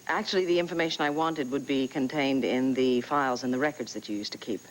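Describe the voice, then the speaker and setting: A woman's voice: rumbling low, fast talker, slight background noise, low-quality recording. An actress in a 1980s soap opera playing a determined woman who pleads urgently for access to old files. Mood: eager.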